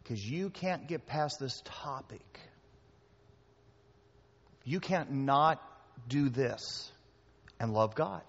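A man's voice: medium pitch, drawn-out words, pauses often, a bit bright. A man preaching a sermon to his congregation, conversational and talking straight to the room, often repeating words as he goes. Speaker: pastor. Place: church hall before a congregation. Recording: echoey hall, dull lo-fi sound.

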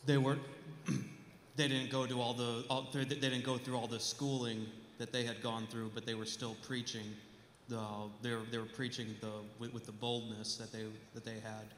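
A man answers the teacher haltingly, restarting his sentences again and again. His delivery is flat, and the room around him is echoey with a long reverb. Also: mid-range voice, slight background noise. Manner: hesitant, restarts often. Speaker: class member.

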